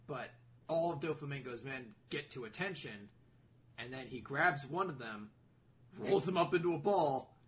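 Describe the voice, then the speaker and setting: A man's voice: medium pitch, expressive, normal speed, fairly bright tone. A man co-hosting a podcast, chatting casually and correcting himself as he goes. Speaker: podcast co-host. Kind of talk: casual anime discussion.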